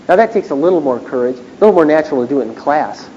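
A man's voice: a little high, expressive, rapid-fire, hardly any pauses, mellow. Man preaching a storytelling sermon. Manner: conversational, storytelling, acts out dialogue. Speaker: pastor. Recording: dull lo-fi recording with faint noise.

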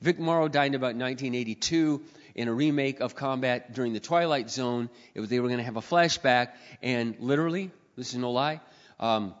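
A middle-aged man preaching a sermon, swinging between loud, high exclamations and quiet asides, often clearing his throat. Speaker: pastor. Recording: dull sound in a reverberant hall.

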